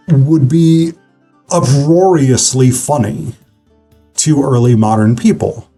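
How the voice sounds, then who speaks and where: A man's voice: medium pitch, mellow. A man giving a casual online literature lecture, talking conversationally with frequent fillers and restarts.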